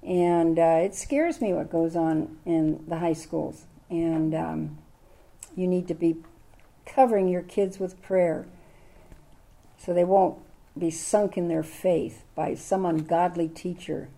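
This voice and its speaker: A woman's voice: lowish voice, steady tone, slow pace, vocal fry, mellow. An older woman teaching a Bible study lesson in a chatty way, asking her listeners lots of questions.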